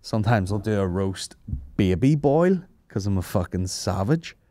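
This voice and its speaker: A man hosts a comedy podcast in a low, grounded voice. He rambles and swears through casual banter, close on the mic in a dead, dry room. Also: lively intonation, normal speed, dark tone, dry recording. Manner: sweary, rambling, laughs at his own jokes. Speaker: podcast host.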